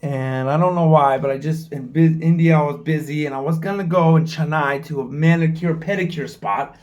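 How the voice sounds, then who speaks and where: A man's voice: fairly high pitch, steady tone, normal speed, a little mellow, muffled recording. Rambling, frank man in his forties. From United States. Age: 40s. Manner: rambling, frank, swears freely. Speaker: travel vlogger. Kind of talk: casual talking-to-camera vlog. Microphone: camera mic, filming himself.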